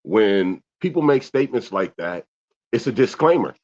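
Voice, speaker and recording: A young adult man co-hosting a casual talk show, animated and profane, reading out comments from viewers. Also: lowish voice, moderate pace. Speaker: podcast co-host. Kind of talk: casual chat. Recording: dull lo-fi sound.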